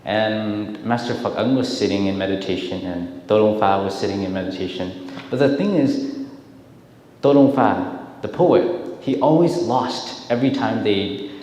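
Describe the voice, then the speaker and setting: A man's voice: on the low side, a little slow. A man giving a dharma talk in a temple hall, telling stories with frequent restarts and repeated words. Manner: storytelling, warm-hearted, repeats words. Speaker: dharma speaker. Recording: echoey hall, faint hiss.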